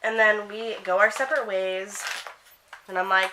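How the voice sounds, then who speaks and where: A teenage girl from Canada telling a get-ready-with-me story, animated and swearing while acting out what her friends said. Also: medium pitch, normal speed, background noise. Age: teens. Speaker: vlogger.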